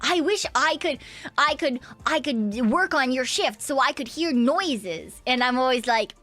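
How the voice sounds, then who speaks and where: A woman's voice: high-pitched, animated, measured pace, a bit bright, dry recording. A woman streamer chatting casually during a game stream, playful and giggly, with lots of little mm-hmms and repeated yeses.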